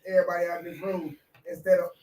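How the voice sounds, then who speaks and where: A man speaks up candidly in a group meeting. His voice sits a little high. The room is roomy and echoes, and other people are clearly heard around him. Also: level tone, racing. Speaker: group participant. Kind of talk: sharing in a group discussion. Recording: roomy echo with crowd in the room.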